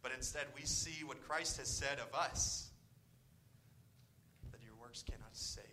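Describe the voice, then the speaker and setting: A man's voice: medium pitch, a little slow, sharp tone, slight background noise, poor audio. A man preaching a sermon, earnest and often repeating his words, sometimes dropping almost to a whisper. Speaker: pastor.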